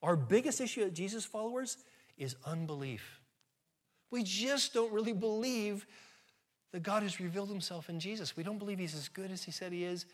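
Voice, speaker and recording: Male preacher with a high-pitched voice, earnest and conversational, getting loud at times. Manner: earnest, conversational preaching with sudden rises in volume. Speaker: pastor. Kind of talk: sermon.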